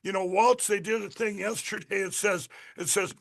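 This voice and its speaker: A man's voice: high voice, flat delivery, brisk, gravelly, hardly any pauses, a bit bright. A middle-aged man from Minnesota, a political candidate guest on a radio interview, talking in a rambling, emphatic way with many restarts.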